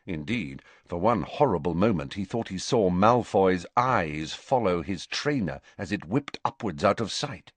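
Deep, animated male audiobook narrator. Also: unhurried, few pauses, dry recording. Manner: expressive, animated storytelling. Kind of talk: scripted narration.

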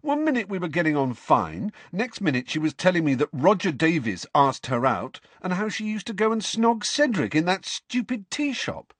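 A man's voice: high voice, big pitch swings, normal speed, few pauses, a bit bright, no room sound, voice pushed up, heavily acted. A man voicing a teenage schoolboy who gets flustered and indignant. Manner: spluttering, indignant.

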